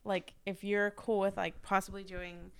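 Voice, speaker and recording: A woman speaking as a podcast guest, with a smooth, clear voice that often drops into vocal fry. She talks in loose, hesitant phrases during casual conversation. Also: mid-range voice, flat delivery, normal speed. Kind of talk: casual chat.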